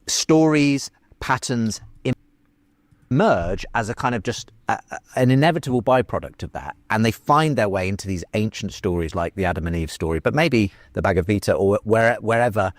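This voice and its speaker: A man in a debate discussion, speaking haltingly and searching for his words. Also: fairly low pitch, expressive, no echo.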